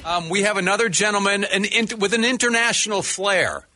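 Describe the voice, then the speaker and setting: A man's voice: high-pitched, brisk. A man hosting a morning radio talk show, talking casually and restarting his phrases.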